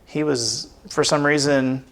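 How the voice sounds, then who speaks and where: A man with a gravelly, creaky voice rambles through a relaxed podcast chat. He piles on fillers and restarts as he talks, loose and conversational. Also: medium pitch, measured pace. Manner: rambling, chatty, with many fillers. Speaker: podcast co-host and producer. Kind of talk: casual chat.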